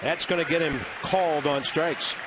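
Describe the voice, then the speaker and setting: Play-by-play announcer, male, upper-mid voice, conversational with wry asides, booth audio with steady noise. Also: fairly high pitch, moderate pace. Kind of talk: baseball play-by-play commentary. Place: broadcast booth at a ballpark. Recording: noisy broadcast audio.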